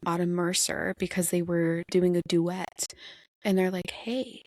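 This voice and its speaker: A woman hosting a podcast, chatting casually and telling stories in an animated, gushing way. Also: on the low side, a little slow, dry recording. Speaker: podcast host. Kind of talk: casual chat.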